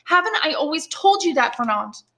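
A woman's voice: high voice, sing-song, brisk, a bit bright, pitched above the performer's own voice, exaggerated voice. A woman reading aloud, voicing a poor young orphan girl who speaks firmly and frankly in a raised, insistent voice. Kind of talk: audiobook reading.

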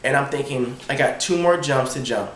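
A young man excitedly retelling a sports story in a casual vlog, acting out his own thoughts. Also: medium pitch, moderate pace, reverberant. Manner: excited, animated retelling with quoted inner thoughts. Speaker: college triple jumper.

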